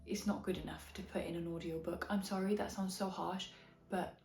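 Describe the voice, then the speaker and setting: A woman's voice: lowish voice, steady tone, brisk. A young Welsh woman with a slight Midlands twang, chatting frankly and enthusiastically as she reviews books. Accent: Welsh, with a slight English Midlands twang. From Wales. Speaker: book vlogger. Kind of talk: casual book review. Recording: echoey room with soft background music.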